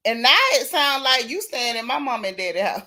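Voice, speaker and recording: Animated woman dishing gossip. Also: a little high, fairly quick. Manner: animated, reads chat comments aloud. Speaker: host. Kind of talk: casual gossip livestream.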